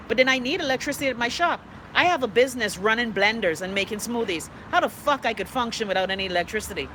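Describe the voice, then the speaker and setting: A middle-aged Bahamian woman rants bluntly and with plenty of profanity, reading viewer comments on a casual live stream. Her voice is bright and forceful. Faint traffic noise from outdoors sits behind her. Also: on the high side, lively intonation, fast.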